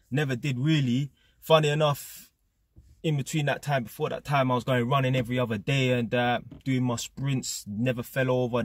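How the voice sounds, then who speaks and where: A man's voice: mid-range voice, breathy edge, no echo. A young man with a London accent talking straight to his viewers in a casual, blunt motivational monologue, peppering his talk with slang. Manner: London slang, blunt and emphatic, repeats "blood" and "fam". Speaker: vlogger.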